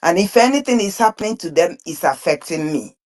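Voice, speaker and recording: A woman with a voice pitched a little low speaks to an online group. She is earnest and emphatic, but her phrases halt and restart as she repeats words mid-thought. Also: expressive, a little fast, a little mellow. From Nigeria (Biafran region). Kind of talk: impassioned spoken commentary.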